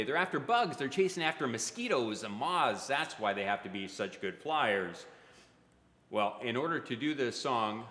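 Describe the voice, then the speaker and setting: A man's voice: on the low side, bright, forceful tone. A man who writes and performs for children, reading poems aloud in a playful, interactive way and making animal sound effects. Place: children's museum event space. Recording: roomy with long hall reverb.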